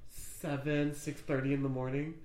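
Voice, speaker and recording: A podcast co-host telling everyday stories in a casual chat, quick to sound spooked and to swear. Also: medium pitch, flat delivery, darkish tone. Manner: storytelling, easily frightened, swears.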